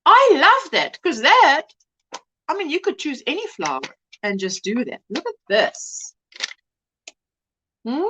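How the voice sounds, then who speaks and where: A woman's voice: high voice, sing-song, slow pace, long pauses, bright, forceful tone, a little hiss or hum. A woman hosting a casual crochet livestream, chatting, exclaiming over projects and greeting viewers by name. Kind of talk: casual live-stream chat.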